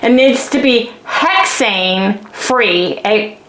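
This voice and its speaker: A chatty woman talks straight to her viewers in a rambling, animated vlog rant. Her voice sits a little high for a woman. The sound is echoey, as if she is recording in a bare room. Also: slow pace, hardly any pauses. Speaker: vlogger.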